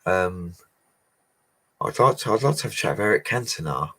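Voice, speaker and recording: A man's voice: deep voice, expressive, normal speed, fairly bright tone. A man, a bricklayer casually answering live chat questions in a matey, chatty way and laughing often. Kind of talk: casual livestream Q&A.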